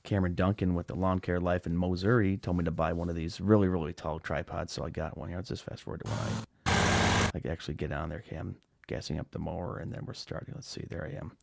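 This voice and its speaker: A man's voice: low voice, steady tone, fast talker, creaky, slight background noise. A man hosting a lawn care podcast live, chatting casually and rambling with restarts and fillers. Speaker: podcast host. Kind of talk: casual live-stream chat.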